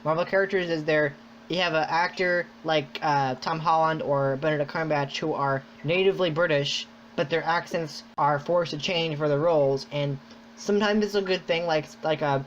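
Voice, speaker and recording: Rambling, excitable man on a lo-fi mic. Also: on the high side, normal speed, a little hiss or hum. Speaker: podcast host. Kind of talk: casual chat. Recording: dull lo-fi sound.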